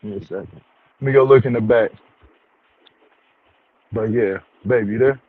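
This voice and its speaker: A man's voice: mid-range voice, normal speed, husky, no room sound, narrow, tinny audio. A man hosting a casual review chat at home, talking in a laid-back, slangy way and chuckling often. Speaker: show review host.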